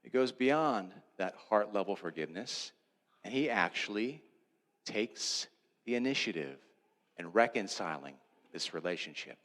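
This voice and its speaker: A male pastor preaching a sermon, retelling a story with animated swings between loud, excited lines and hushed, low ones. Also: a little slow, in a large hall. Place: church sanctuary.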